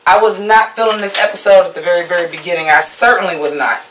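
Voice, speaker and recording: A TV-show reviewer talking in a loose, casual recap style, cursing freely and blunt about every complaint. The voice sits at a mid pitch and sounds set back from the mic, bouncing around an echoey room. The tone turns mocking whenever a scene falls flat. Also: fast talker, far from the mic, slight background noise. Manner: blunt, profane, opinionated; animated, mocking. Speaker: TV episode reviewer.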